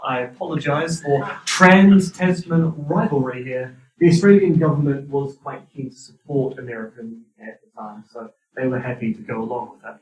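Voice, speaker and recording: A man's voice: mid-range voice, moderate pace. Wry New Zealand man lecturing in a hall. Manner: wry, dry humor. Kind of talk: university lecture. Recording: roomy hall, distant mic.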